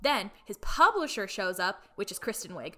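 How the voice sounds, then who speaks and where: A woman's voice: medium pitch, very animated, moderate pace, pushed and bright. A woman in casual chat retelling a story, full of "like" fillers and playfully irreverent asides.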